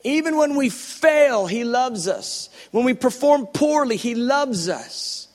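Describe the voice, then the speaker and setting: A middle-aged man with a high, light voice delivers an impassioned sermon, stacking repeated phrases until he is nearly shouting, then sinking to a hush. His voice rings with a long hall reverb. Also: expressive, slow. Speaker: preacher.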